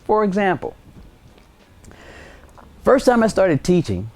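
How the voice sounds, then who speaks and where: Lively, slow-talking male science teacher. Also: high-pitched. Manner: casual, joking, conversational. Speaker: high school science teacher. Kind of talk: televised classroom lesson.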